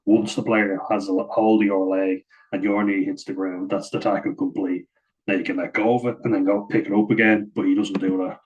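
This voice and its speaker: A man's voice: sits low, level tone, fairly quick, a little mellow, lo-fi sound. A man giving a chatty, casual voice-over breakdown of rugby footage, often saying "like" and chuckling at his own asides. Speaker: rugby match analyst.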